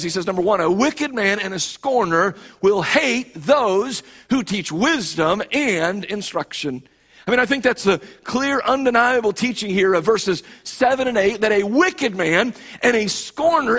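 A man's voice: high voice, fairly bright tone, husky. A male pastor preaching a sermon with emphatic delivery, often repeating and restarting phrases.

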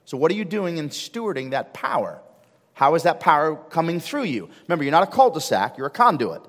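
A man preaching a sermon as pastor, emphatic and full of rhetorical questions, building to loud fervor in a church. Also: fairly high pitch, very animated, quick pace, big-room sound. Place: church sanctuary with congregation.

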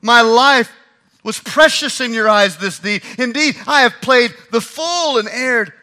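A man's voice: mid-range voice, steady tone, slow, vocal fry, sharp tone, husky, big-room sound, full character voice. A man preacher voicing a remorseful male king who begs another to come home, repeating himself.

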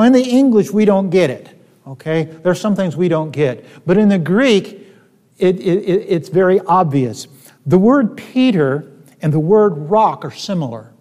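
Folksy preacher with a higher voice in a hall. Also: male voice, warm tone. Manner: folksy, conversational, with many fillers and rising emphatic peaks. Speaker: pastor. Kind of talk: storytelling sermon. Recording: reverberant hall.

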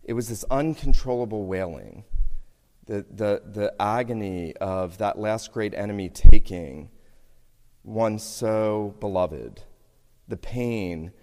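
A man preaching a sermon, moving between loud emphatic lines and hushed, slowed passages. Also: on the low side, expressive. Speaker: pastor. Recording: hall reverb, sermon in a church.

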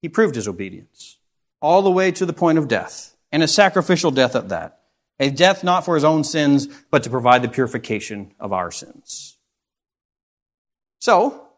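Male preacher, fairly high voice, earnest expository delivery with rhetorical questions. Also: sing-song, moderate pace. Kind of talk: sermon.

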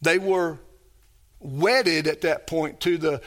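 A man's voice: a little high, takes it slowly, fairly bright tone. A man preaching a sermon as pastor, emphatic and full of rhetorical questions put to his congregation.

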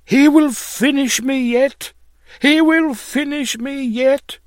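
A man's voice: very high voice, takes it slowly, dry recording, studio quality, pitched above the performer's own voice. A man voicing a desperate, drunken young woman who cries out in terror and pleads, in a dramatic reading of an old tract. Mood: terrified.

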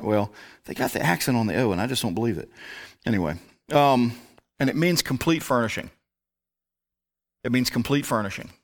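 Male preacher, Bible-study sermon, chatty and methodical, very animated pitch. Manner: conversational, explains his word study step by step. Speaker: pastor.

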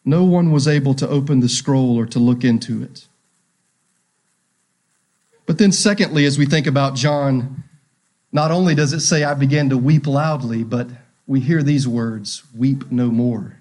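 A man's voice: medium pitch, measured pace, a little mellow. A male pastor preaching a sermon, asking rhetorical questions and repeating key phrases.

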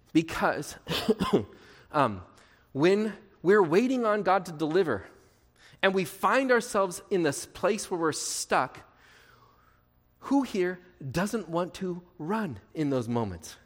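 A man's voice: a little high, in a large hall. A pastor preaching a sermon, repeating his key phrases and asking the congregation questions.

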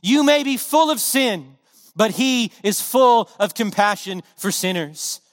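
Man, preacher, high voice, earnest impassioned sermon, emphatic repetition, long hall reverb. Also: lively intonation, unhurried.

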